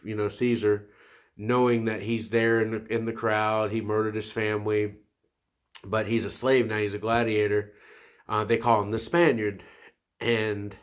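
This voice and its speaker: A man in his twenties hosting a solo podcast, talking casually and enthusiastically about movies, rambling with many restarts. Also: lowish voice. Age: 20s. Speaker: podcast host.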